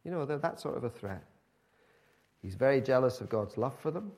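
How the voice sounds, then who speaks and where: A man's voice: medium pitch, animated, brisk, a little mellow. Conversational male preacher. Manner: conversational, emphatic storytelling. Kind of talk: sermon.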